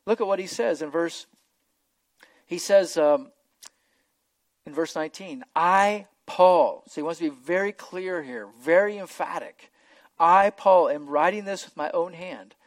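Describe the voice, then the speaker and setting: A man's voice: a little high, normal speed, no echo. A man preaching an expository sermon, earnest and emphatic, often repeating words as he goes.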